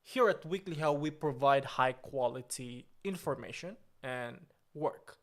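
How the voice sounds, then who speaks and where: A man's voice: medium pitch, measured pace, close to an everyday voice. A man playing a pompous, boastful, easily offended company boss on a comedic livestream, talking in an indignant, grandiose way.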